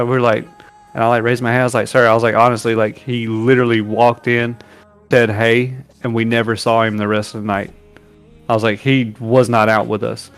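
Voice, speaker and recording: A man co-hosting a casual streamed podcast, telling military stories and acting out shouted quotes. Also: medium pitch. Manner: animated, acts out shouted quotes while telling war stories. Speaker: podcast co-host. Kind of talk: casual storytelling on a livestream.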